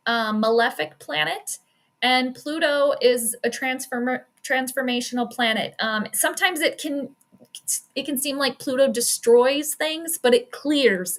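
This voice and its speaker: Bright-voiced woman streamer. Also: high-pitched. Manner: chatty, quick reactions, frequent laughs and self-deprecating asides. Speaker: sports astrology streamer and commentator. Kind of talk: casual live-stream game commentary.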